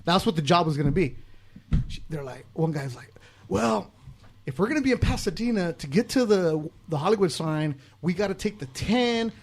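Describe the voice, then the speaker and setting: A man's voice: high-pitched, lively intonation, moderate pace, darkish tone. A man, telling stories on a casual podcast as a guest broadcaster, acting out quotes and swearing freely.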